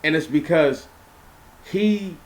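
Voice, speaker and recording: A young man with a somewhat high voice reads old scripture verses aloud, then stops to explain them in a loose, conversational way. He repeats words, restarts his sentences and keeps checking that his listeners follow him. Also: takes it slowly. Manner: animated, repeats words, asks listeners questions. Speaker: Bible teacher. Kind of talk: informal Bible reading and commentary.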